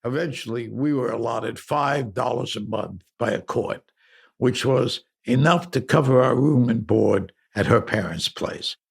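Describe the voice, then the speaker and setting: Older new guy reading his own memoir, super gravelly and raspy, halting and chatty. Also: medium pitch. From New York. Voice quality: gravelly, husky. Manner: reflective, halting, with conversational asides. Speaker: memoir narrator. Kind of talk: audiobook memoir narration.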